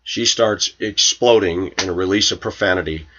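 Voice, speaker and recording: A man's voice: deep voice, normal speed, a bit bright, breathy edge, highs cut off. A man vlogging to his viewers, telling an aggrieved story about a coworker, quoting her and himself with indignation. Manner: aggrieved, indignant, quotes others in raised voice. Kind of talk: personal storytelling rant to camera.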